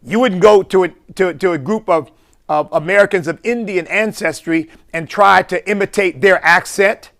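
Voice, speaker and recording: A man's voice: sits high, normal speed, fairly bright tone. A man, a bishop, giving impassioned preaching-style commentary full of rhetorical questions.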